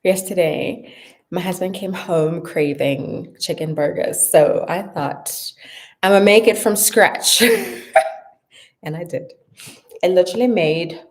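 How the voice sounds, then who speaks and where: A young woman with a South African accent chatting casually to camera at home in an animated, playful way. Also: on the low side. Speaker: vlogger. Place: her home.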